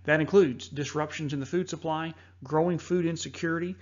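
A man hosting a preparedness talk, narrating over slides in an earnest, measured way with frequent fillers. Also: fairly high pitch, fairly even intonation, lo-fi sound. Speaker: host.

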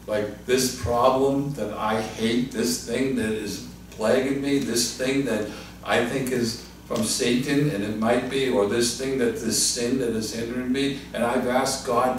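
A male pastor leading a Bible study, his mid-range voice earnest and full of restarts. He drops low and soft whenever he quotes God. He is picked up from a distance in a very echoey church hall, with faint hiss underneath. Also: steady tone, unhurried. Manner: earnest, repeats and restarts phrases, drops lower and softer when quoting God. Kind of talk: Bible study teaching and closing prayer.

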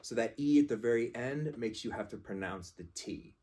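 A man's voice: medium pitch, moderate pace, a little mellow, husky. A man reviewing a fragrance in casual talk, rambling and emphatic as he corrects how a word is said.

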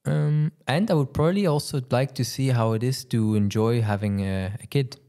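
A man's voice: mid-range voice, normal speed, dark tone. A racing driver chatting casually on a podcast, often stumbling over his words and laughing. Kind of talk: casual chat.

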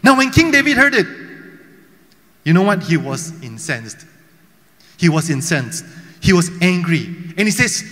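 High, bright-voiced male preacher in a reverberant hall. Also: sing-song, normal speed, long pauses. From Malaysia. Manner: storytelling preacher with frequent rhetorical questions. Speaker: pastor. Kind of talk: sermon. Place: church hall.

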